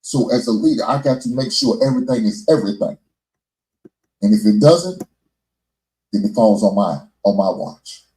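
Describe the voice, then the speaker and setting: Man, middle-aged, lowish pitch, emphatic, preachy, repetitive, casual debate. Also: lively intonation, normal speed, pauses often, mellow, low-quality recording. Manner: emphatic, preachy, repeats phrases for effect. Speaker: podcast host.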